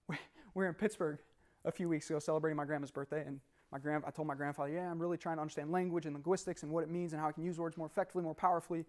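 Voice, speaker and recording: A young man leads a live motivational seminar with an animated, laughing delivery. His voice sits slightly higher than most men's. He keeps asking the audience questions as he talks. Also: very fast. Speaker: motivational speaker.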